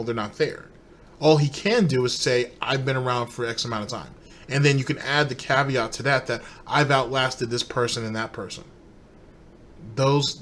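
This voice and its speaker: A man's voice: mid-range voice, a bit bright, slight background noise. A man hosting a commentary show, mocking and laughing at the person in the clips he is reacting to. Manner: sarcastic, laughing at the subject. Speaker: commentary host.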